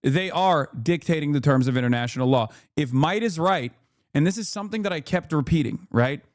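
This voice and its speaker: A man's voice: fairly high pitch, lively intonation, a little fast, no room sound, studio quality. A man streaming political commentary, ranting in a heated, profane and emphatic way. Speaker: streamer reacting to news.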